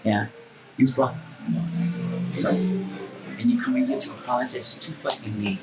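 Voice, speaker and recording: A woman's voice: extremely low pitch, normal speed, loud music behind the voice, low-quality recording. A woman telling stories bluntly in an interview, swearing freely and acting out the voices of the people in them. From Hawaii. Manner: acts out voices in her stories. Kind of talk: casual storytelling.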